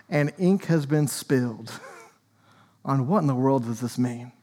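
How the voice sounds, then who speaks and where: A man's voice: mid-range voice, a little slow, darkish tone, big-room sound. A man, an Anglican priest, preaching a sermon in a conversational way with joking asides. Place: church.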